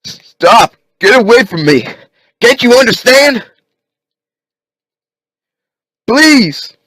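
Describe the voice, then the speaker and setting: A man voicing a panicked, injured man in a zombie outbreak, yelling frantically. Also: lowish voice, moderate pace, no echo, pitched above the performer's own voice, natural voice.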